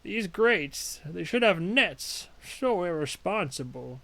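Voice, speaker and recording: A man voicing a frail, forgetful old male widower, speaking slowly and haltingly. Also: high voice, sing-song, gravelly, sharp tone, exaggerated voice. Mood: wistful. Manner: slow, halting and wistful.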